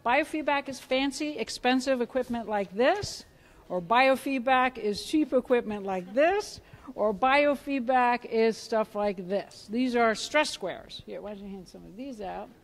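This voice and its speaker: A middle-aged woman, a biofeedback clinician, giving a lively hands-on workshop, asking the audience questions and acting out reactions. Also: fairly high pitch, measured pace. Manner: animated, asks the audience questions, acts out reactions. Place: conference room with a live audience.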